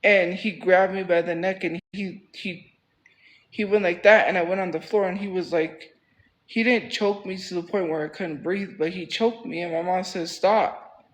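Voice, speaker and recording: A man with a notably high-pitched voice, talking casually on a livestream. He rambles and circles back, repeating phrases for emphasis. His tone stays heated and defensive. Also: fairly even intonation, moderate pace, poor audio.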